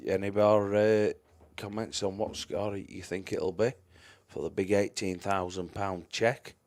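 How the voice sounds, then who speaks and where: A man's voice: fairly low pitch, steady tone, a little slow, a little mellow. A man giving chatty live-stream commentary on a pool match, greeting viewers by name and trailing off into mumbled asides.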